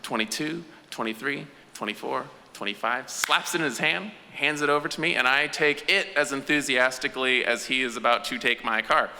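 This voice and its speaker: A man tells a true story on stage and acts out each voice with animation. His tone is very bright and cutting. The sound carries a long hall echo over a faint noise floor. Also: medium pitch, moderate pace, few pauses. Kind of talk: live storytelling.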